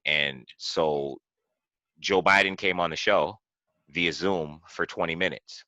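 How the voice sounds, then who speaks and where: Very deep-voiced man recapping a story. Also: takes it slowly, bright, forceful tone, no echo, dull audio. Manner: recounts a story at length, many restarts and "you know". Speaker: podcast host. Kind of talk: casual political discussion.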